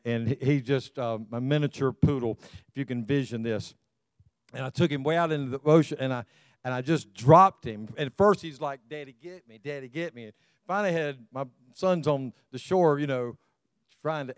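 Exhorting older male pastor, mellow voice. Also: medium pitch, dry recording. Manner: exhorting, repeats "come on" to the congregation; stumbles and restarts often. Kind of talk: sermon.

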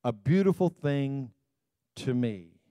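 A man voicing a calm but firm male teacher who defends a woman, speaking plainly and directly. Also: mid-range voice, slow pace, dry recording, highs cut off.

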